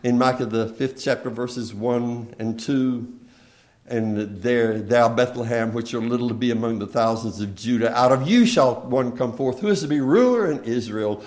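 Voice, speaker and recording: Male preacher, mid-pitched, emphatic sermon delivery that swells and drops, plainspoken. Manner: slow and emphatic, swelling loud then dropping very soft; plainspoken storytelling of scripture.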